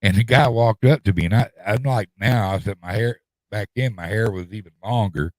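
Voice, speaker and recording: A middle-aged podcast host tells a long, rambling story in casual chat, using a folksy drawl and repeating himself. His voice is lowish and a little fast. There's no room sound.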